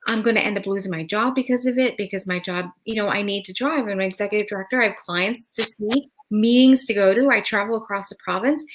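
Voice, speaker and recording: A woman hosting a live talk show, telling her own story in a casual, chatty voice. She acts out the back-and-forth as she goes and fills the gaps with "like." Her pitch sits right in the middle for a woman. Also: poor audio. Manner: chatty, retells dialogue with many "like"s.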